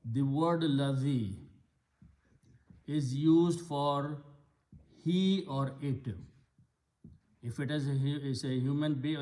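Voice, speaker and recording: A man's voice: mid-range voice, darkish tone. A man teaching Arabic grammar of scripture in a patient lesson, explaining step by step and repeating key words. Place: Islamic center classroom.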